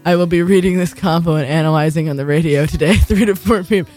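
A woman's voice: fairly low pitch, fast, faint music behind. A young woman hosting a community radio talk show, rambling and swearing as she tells stories. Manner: profane, rambling, animated. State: tired.

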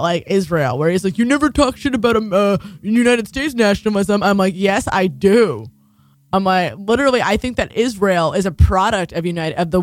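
A young woman hosting a community radio talk show, rambling and swearing as she tells stories. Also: mid-range voice. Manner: profane, rambling, animated. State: tired.

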